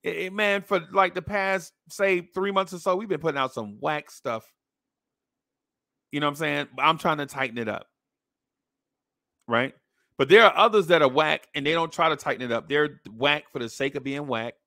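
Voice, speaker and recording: Blunt, bright-voiced man ranting. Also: a little high, moderate pace, no echo, clean studio sound. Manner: blunt, mocking, animated with slang. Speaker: podcast host. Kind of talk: opinion rant to camera.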